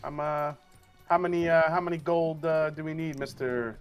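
A man's voice: a little high, steady tone, moderate pace, smooth. A man playing a character in a tabletop game, rambling in a casual way with mild swearing. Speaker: player. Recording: music playing faintly behind.

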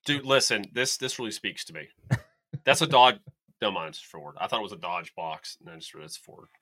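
A man co-hosting a podcast, excitable and blunt, swearing often while chatting about a film. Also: on the low side, fairly quick, no echo. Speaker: podcast co-host. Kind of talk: casual film review chat.

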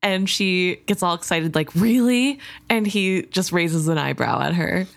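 A woman with a fairly low voice co-hosting a casual book podcast. She talks in a chatty, loose way, dropping in "like" often as she works through her opinions. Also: moderate pace, vocal fry, a bit bright. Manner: chatty, frequent "like" and laughs. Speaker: podcast co-host.

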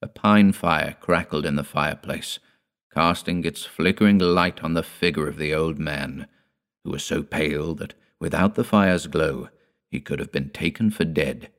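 A man narrating an audiobook in a measured, grave storytelling manner. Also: extremely low pitch.

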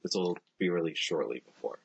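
A man's voice: low-pitched, animated, fairly quick, vocal fry, a little hiss or hum. A man in his thirties co-hosting a casual podcast, wisecracking and dry. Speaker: podcast co-host. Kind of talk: casual chat. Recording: slightly dull lo-fi audio.

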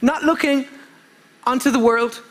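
Male preacher, unusually high pitch, fervent sermon delivery with repeats and restarts. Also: fairly even intonation, a little slow. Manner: fervent, calls for amens, repeats phrases, stumbles and restarts. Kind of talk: impassioned sermon.

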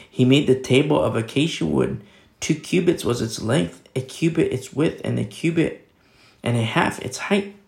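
A man's voice: medium pitch, gravelly, a little mellow, roomy sound. A man preaching a sermon in a casual, conversational way, reading scripture and explaining it with everyday fillers. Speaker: pastor.

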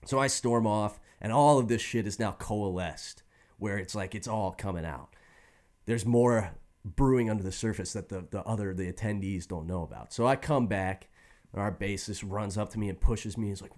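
A man's voice: deep voice, moderate pace. A man telling a long story in casual chat, swearing freely and laughing often. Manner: profane, animated, laughs often.

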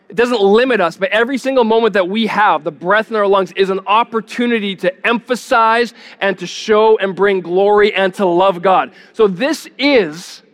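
A male pastor with a high-pitched voice delivers a teaching sermon. He talks in a loose, conversational way, stumbling over repeated words as he thinks and turning to ask his listeners questions. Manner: teaching, repeats words when searching, asks the congregation questions.

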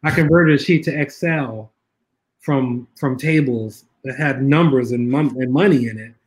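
A man being interviewed as a guest, telling stories in a casual, animated way, laughing often and acting out the people he quotes. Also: medium pitch, measured pace. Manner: animated, acts out quoted voices; laughs often, many restarts. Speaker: guest filmmaker.

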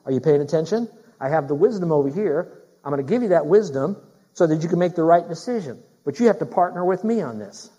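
A middle-aged pastor preaches a sermon emphatically, repeating his key phrases and putting questions straight to the congregation. His fairly high, mellow voice moves quickly with lively intonation, and the sound is lo-fi.

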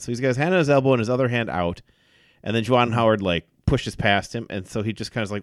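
A man co-hosting a casual sports podcast, telling events in an animated way with many fillers. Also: medium pitch, fast talker, dry recording, clean studio sound. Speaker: podcast co-host.

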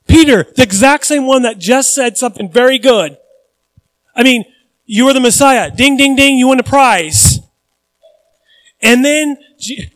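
High-voiced animated male preacher. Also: no room sound, rough recording. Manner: animated, conversational preaching with jokes and audience questions. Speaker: pastor. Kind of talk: sermon.

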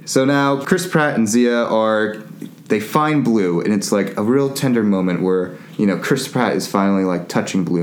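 A man's voice: on the low side, normal speed. Rambling man recapping a film. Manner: rambling, animated, laughs often, acts out characters. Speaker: podcast host. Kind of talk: casual movie recap chat. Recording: echoey room.

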